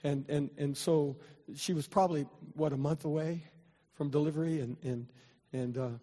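An older man, a pastor, telling a personal story in a sermon, with many restarts, building to loud, fervent preaching. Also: on the high side, fairly even intonation, moderate pace. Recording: long hall reverb.

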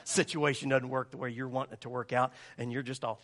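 A middle-aged man preaching a sermon, telling a story with lively, animated delivery and jumping up high when he acts out voices. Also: fast. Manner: animated storytelling, acting out voices in a much higher pitch.

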